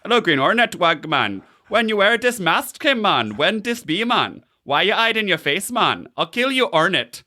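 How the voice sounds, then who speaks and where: A man putting on a wild high-voiced island accent. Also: big pitch swings, moderate pace, hardly any pauses, bright, forceful tone, full character voice. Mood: menacing. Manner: exaggerated high-pitched impression.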